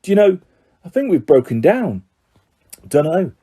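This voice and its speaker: A man's voice: high-pitched, big pitch swings, normal speed, warm tone, husky, pitched above the performer's own voice, full character voice. A man voicing a blunt, hot-tempered teenage boy who blurts things out indignantly.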